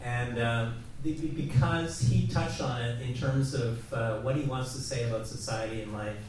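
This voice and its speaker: A man, a newspaper journalist, asking a polite, slightly halting question at a press conference. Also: mid-range voice, steady tone, darkish tone, a little hiss or hum. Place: large press conference room. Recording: distant, echoey, with crowd.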